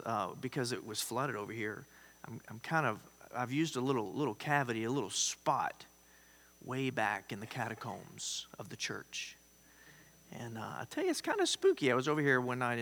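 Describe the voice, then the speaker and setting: A man's voice: mid-range voice, a bit bright, big-room sound. A man pastor preaching a conversational sermon, emphatic, with rising exclamations.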